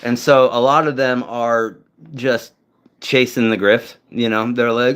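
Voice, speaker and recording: A young man from New England talks loosely to his viewers as a streamer. He rambles, curses freely, and strings thoughts together with frequent fillers, all at a middling pitch. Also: expressive, normal speed. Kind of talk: casual chat with viewers.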